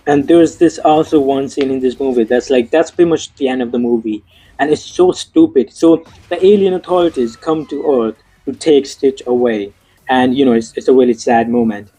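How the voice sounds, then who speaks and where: A man's voice: medium pitch, moderate pace, warm tone, poor audio. A young man giving a casual, frustrated movie review, swearing often and stumbling over fillers and restarts.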